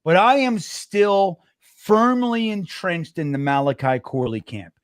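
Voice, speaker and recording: Animated high-voiced New man. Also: takes it slowly, no echo, clean studio sound. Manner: animated, swearing, acts out quotes in a raised voice. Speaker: co-host. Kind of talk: casual sports podcast chat.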